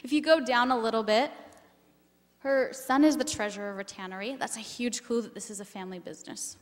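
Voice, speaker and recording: A woman's voice: a little high, fairly even intonation, fairly quick, long reverb tail. A woman giving a keynote talk on family history, earnest and emotional, with many ums as she goes.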